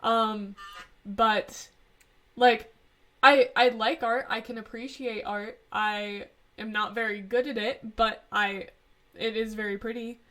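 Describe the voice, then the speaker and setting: A teenage girl chatting on a podcast in a slightly high voice. She hesitates a lot and pads nearly every sentence with fillers. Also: steady tone, slow pace, fairly bright tone. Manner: hesitant, filler-heavy with lots of "like". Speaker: podcast co-host. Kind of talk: casual chat.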